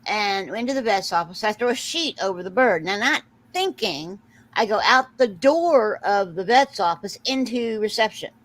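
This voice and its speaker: A woman's voice: mid-range voice, normal speed, low-quality recording. Chatty woman telling a funny story. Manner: animated storyteller, acts out quotes, laughs often. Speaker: host. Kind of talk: casual storytelling chat.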